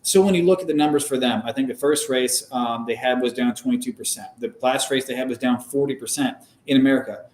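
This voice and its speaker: Young male guest, ex-driver, measured and explanatory, roomy echo, mid pitch. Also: darkish tone. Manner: measured, explanatory, frequent "um" fillers. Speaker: guest, former race car driver. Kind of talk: casual conversational interview.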